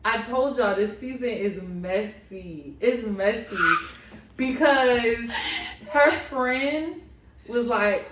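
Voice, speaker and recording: A woman co-hosting a casual reality-show recap, gossipy and animated, acting out what people said. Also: a little high, takes it slowly, recorded from a distance, a little hiss or hum. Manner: animated, gossipy, acts out other people's lines. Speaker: co-host of a couple's reaction channel. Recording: echoey room, voice a bit off-mic.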